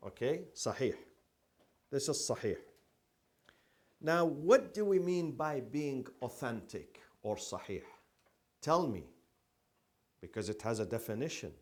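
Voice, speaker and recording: A man's voice: medium pitch, animated, measured pace, pauses often, a little mellow. A man teaching a classroom lecture, asking the class questions and repeating key terms.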